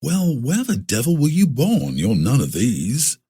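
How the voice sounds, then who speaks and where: A man's voice: medium pitch, wildly swooping pitch, a little slow, mellow, husky, voice pushed up, exaggerated voice. A man voicing a seasoned frontier man who explains things in a confiding, storytelling way.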